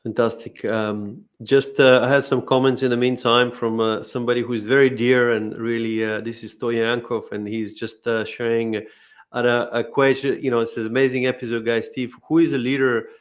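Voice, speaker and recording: A man hosting an interview, appreciative and halting, with many fillers. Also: medium pitch, flat delivery. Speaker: host.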